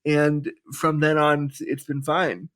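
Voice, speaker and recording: Candid animated man telling his story. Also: a little high, takes it slowly. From Canada. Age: 30s. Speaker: podcast guest. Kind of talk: storytelling in a podcast interview.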